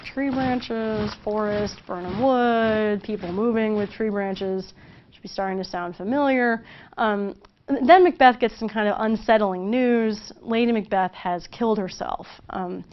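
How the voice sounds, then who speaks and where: A woman's voice: medium pitch, dull audio. Chatty woman teacher, joking. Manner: chatty, joking, many fillers like "kinda" and "you know". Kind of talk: casual lecture on literature.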